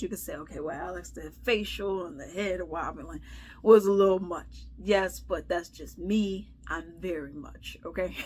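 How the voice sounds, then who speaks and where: A woman vlogger telling a story in casual commentary, chatty and animated, acting out what people said with sighs and laughs. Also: mid-range voice, slight background noise.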